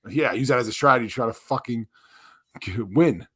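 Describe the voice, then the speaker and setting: A man's voice: mid-range voice, fairly quick, fairly bright tone, husky. A man co-hosting a live podcast in casual chat, joking and crude, often laughing. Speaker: podcast co-host.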